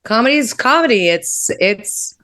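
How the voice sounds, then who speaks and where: A woman's voice: a little high, animated, measured pace, bright, forceful tone. Candid laughing woman comedian. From Canada. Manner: candid, laughing, many fillers. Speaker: comedian guest. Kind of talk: casual comedic chat.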